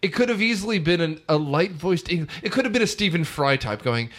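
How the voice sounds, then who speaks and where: A man's voice: a little high, lively intonation, a little fast, fairly bright tone. Guy rambling on a podcast about a movie, lots of ums and side tangents. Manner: rambling, frequent fillers and asides. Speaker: podcast co-host. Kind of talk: casual film discussion.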